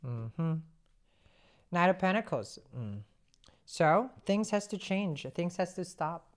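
Low-voiced woman giving a tarot reading. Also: lively intonation, slow pace. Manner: conversational, rhetorical questions, musing hums. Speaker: tarot reader.

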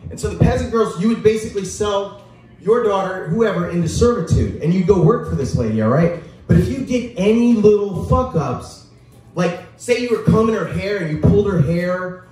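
A man performing a crude, rambling stand-up set at a small bar, halting and restarting often. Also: high-pitched, warm tone. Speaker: open mic comedian. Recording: echoey room heard from far off.

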